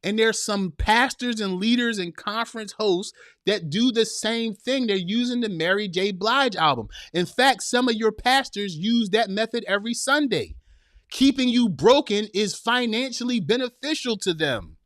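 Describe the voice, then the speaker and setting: Slangy preachy man host, bit high. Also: animated, normal speed, a bit bright, no room sound, clean studio sound. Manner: preachy, laughs a lot, drawls with slang. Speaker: podcast host reading live chat. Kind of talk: casual live-stream commentary.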